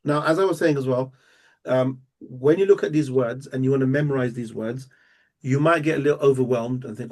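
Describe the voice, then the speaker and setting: A man teaching a live language lesson, explaining step by step and repeating words slowly and patiently. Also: mid-range voice, a little mellow. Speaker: Arabic teacher.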